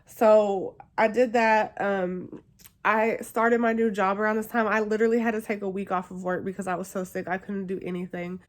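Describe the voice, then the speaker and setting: A woman's voice: medium pitch, level tone, normal speed. Young woman vlogger, talking straight to camera, chatty and emotional, full of fillers. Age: young adult. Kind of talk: casual storytelling to camera.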